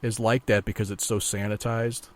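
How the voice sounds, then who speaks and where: A man with a somewhat low voice co-hosts a casual podcast. He talks in a relaxed, profane way and often restarts his sentences mid-thought. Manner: laid-back, profane, halting with restarts. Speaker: podcast co-host. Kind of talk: casual chat.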